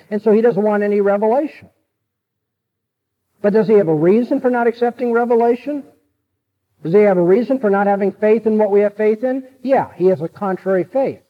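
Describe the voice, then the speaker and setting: A man's voice: high voice, phone-quality sound. A man giving a classroom lecture, emphatic and repeating key sentences so students can note them.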